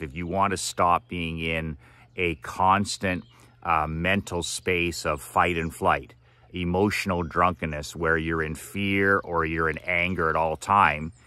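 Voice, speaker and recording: Motivational speaker, male, deep and forceful, preachy and repetitive, dry close mic. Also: no room sound. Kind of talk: direct-to-camera monologue.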